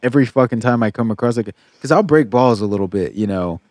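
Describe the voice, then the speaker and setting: A man's voice: mid-range voice, animated, quick pace, a little mellow, dry recording, studio quality. A man in casual, crude banter, joking and profane, rambling as he talks.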